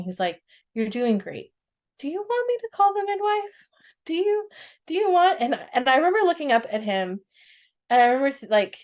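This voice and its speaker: Animated woman sharing a birth story. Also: medium pitch. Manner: animated, laughs often, acts out quoted voices. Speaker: podcast guest. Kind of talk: personal storytelling.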